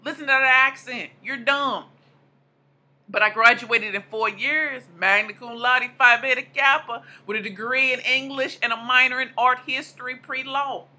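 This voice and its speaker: A woman's voice: fairly high pitch, fairly even intonation, normal speed, hardly any pauses, pushed and bright. A woman in her thirties giving a motivational speech, emphatic and repeating lines for punch. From American South / Midwest. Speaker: motivational speaker.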